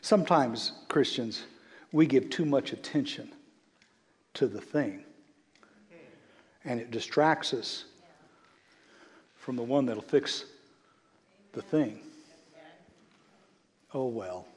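A man preaching a sermon as a bishop, swinging between loud calls and hushed storytelling. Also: medium pitch, slow pace, pauses often. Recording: long hall reverb.

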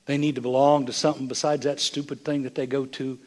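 An older man, a bishop, preaching a sermon with impassioned delivery that swings from hushed, near-whispered moments to loud, emphatic lines. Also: medium pitch, flat delivery, fast.

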